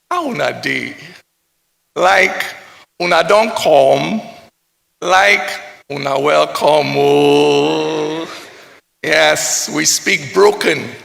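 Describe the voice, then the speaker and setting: A man's voice: high voice, creaky, pushed and bright. A man with a Nigerian accent performing spoken word poetry in a rhythmic, rising oratorical style, slipping into pidgin phrases. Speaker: poet. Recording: hall reverb.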